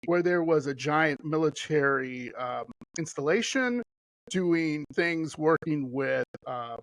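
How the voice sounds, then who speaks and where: A man's voice: fairly high pitch, no room sound, low-quality recording. A middle-aged man as a podcast guest, chatting casually in a rambling, enthusiastic way with lots of fillers. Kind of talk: casual chat.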